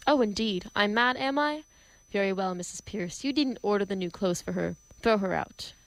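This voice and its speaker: A woman's voice: medium pitch, moderate pace, dry recording, lightly acted, low-quality recording. A woman reading the part of a domineering male professor in an amateur play reading, brusque and theatrical. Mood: imperious.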